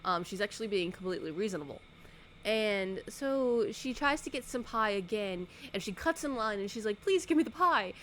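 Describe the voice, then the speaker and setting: A woman talks through a movie recap in a loose, sarcastic vlog style, acting out the characters' lines. Her voice sits at a middle pitch. A faint hiss of noise sits under her speech. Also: lively intonation, normal speed. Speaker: YouTuber. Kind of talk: casual movie recap commentary.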